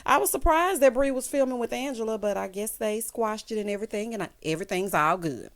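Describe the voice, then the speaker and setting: A sassy woman in a casual recap vlog, dishing gossip straight to her viewers. Her voice sits a bit high and swings all over the place as she reacts. She keeps tossing in "honey" and "child" as she talks. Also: animated, fast. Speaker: reality TV recap host. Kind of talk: casual recap commentary to camera.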